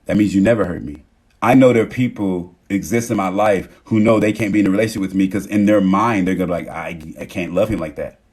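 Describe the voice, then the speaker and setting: A young man with a husky voice giving a rambling, emphatic live-stream monologue on relationships, often acting out what other people say. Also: lowish voice, fast talker, a little mellow. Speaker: TikTok live host.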